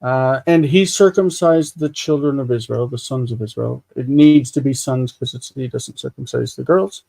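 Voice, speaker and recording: Man explaining Hebrew grammar, mellow voice. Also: mid-range voice, gravelly, dry recording. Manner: explains grammar step by step, slow over Hebrew words. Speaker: co-host reading biblical Hebrew. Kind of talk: casual study discussion. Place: home studio, live stream.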